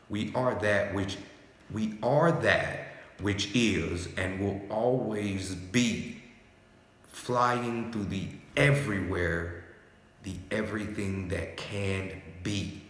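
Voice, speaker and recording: A man's voice: lowish voice, takes it slowly. A man giving a free-flowing spiritual monologue, with loose slangy talk and repeated "yes?" and "right?" tags to his listener. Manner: soothing repeated "calm down". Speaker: spiritual speaker. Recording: very echoey room with long reverb.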